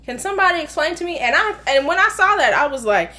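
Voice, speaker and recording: A woman's voice: sits high, big pitch swings, fast, bright, forceful tone. A woman in her thirties giving an emphatic, exasperated casual film review, repeating herself for effect. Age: 30s. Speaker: movie reviewer.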